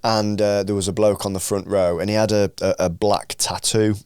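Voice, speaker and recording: Low-voiced podcast host. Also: male voice, little pitch movement, moderate pace, darkish tone, clear, resonant tone, no room sound, studio quality. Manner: laid-back, rambling with many fillers. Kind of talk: casual podcast chat.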